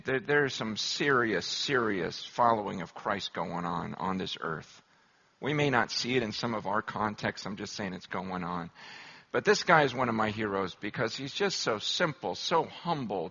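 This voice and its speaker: A pastor preaching a sermon, moving between hushed, low storytelling and loud, impassioned exhortation. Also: male voice, vocal fry, slightly rough. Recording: dull lo-fi recording.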